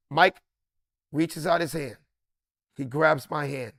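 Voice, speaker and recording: A middle-aged man, a comedian, telling a story with excitable swings into loud, high bursts. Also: a little slow, pauses often, dry recording, clean studio sound. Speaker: comedian guest. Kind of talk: animated storytelling.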